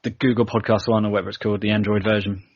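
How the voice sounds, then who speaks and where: British male guest, husky voice, playful banter, dry lo-fi recording. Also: fairly low pitch, flat delivery, very fast, no room sound. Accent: British English. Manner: jokey, playful. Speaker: podcast guest. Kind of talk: casual podcast chat. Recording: dry, dull lo-fi sound.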